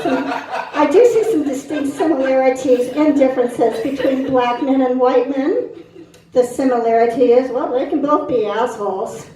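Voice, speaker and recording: A woman's voice: high-pitched, a little mellow. A middle-aged woman doing a stand-up set on a club stage, punchy and brash, bantering with the crowd. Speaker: stand-up comic. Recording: very echoey club from a distance.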